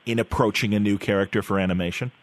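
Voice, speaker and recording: A man hosting a radio interview, enthusiastic, quick to affirm his guest and loose in asking questions. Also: fairly low pitch, steady tone, no echo. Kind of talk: casual interview chat.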